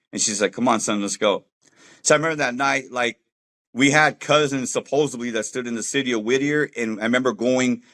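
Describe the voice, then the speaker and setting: A middle-aged man gives a personal testimony, telling his life story loosely and conversationally. His medium-pitched voice is a bit bright, and he packs in fillers while acting out the voices of people he quotes.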